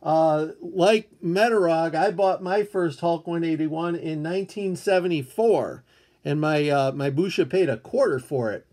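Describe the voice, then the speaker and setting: A man's voice: fairly high pitch, a little slow, darkish tone. An older man hosting a rambling live-stream chat, greeting viewers and showing comics. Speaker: comic book YouTuber.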